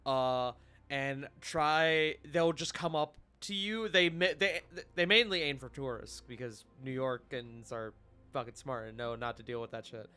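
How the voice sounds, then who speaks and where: A man chatting casually as a player in a tabletop game, telling stories in an animated way with quick asides. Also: mid-range voice, smooth, faint music behind. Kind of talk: casual chat.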